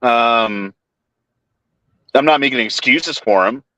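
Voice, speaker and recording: A man's voice: mid-range voice, slow, sharp tone, dry recording. A man hosting a live stream chat, earnest and sympathetic. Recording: dull lo-fi audio.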